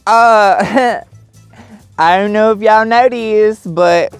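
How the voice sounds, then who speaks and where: A man's voice: high-pitched, extremely slow, smooth, soft background music. A man doing farm chores, talking in a sassy, profane, theatrical way to his animals outdoors.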